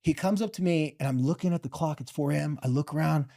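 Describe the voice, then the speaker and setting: A man and former football player telling a personal story in an animated, heartfelt way. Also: fairly high pitch, vocal fry. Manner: animated, heartfelt, fast bursts. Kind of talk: emotional storytelling.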